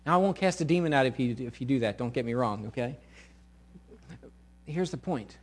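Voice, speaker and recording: A middle-aged male pastor preaching a sermon, animated and sometimes acting out quoted voices loudly. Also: medium pitch, fairly quick.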